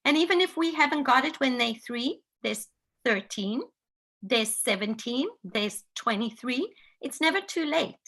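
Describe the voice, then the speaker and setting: Bright gravelly-voiced woman giving advice. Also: on the high side, lively intonation, unhurried. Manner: earnest, repeats phrases for emphasis. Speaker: podcast co-host. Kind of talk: casual advice chat.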